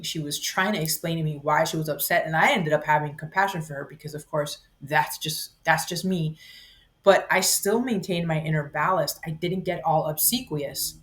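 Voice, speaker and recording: A woman in her fifties telling a personal story, rambling and breaking off mid-sentence, acting out the voices in it. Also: low voice. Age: 50s. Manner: animated, acts out her own voice and others' in the story; rambling, self-interrupting. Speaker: vlogger.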